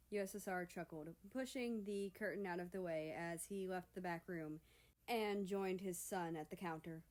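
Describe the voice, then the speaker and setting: A woman narrating a fan fiction story in an expressive, steady reading voice. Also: fairly low pitch, normal speed. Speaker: story reader.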